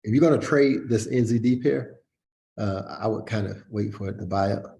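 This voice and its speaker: A man's voice: fairly low pitch, normal speed, vocal fry, mellow. A man hosting a casual market analysis chat, talking in a hesitant way with lots of fillers and restarts.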